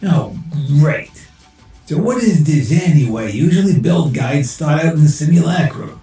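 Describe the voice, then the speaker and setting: A snarky male AI sidekick, played by a man, heckles in loose slang. His voice is gravelly and mellow, a little higher than most. It sounds recorded in a very echoey room. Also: lively intonation, a little slow, soft background music. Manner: sarcastic, heckling, casual slang.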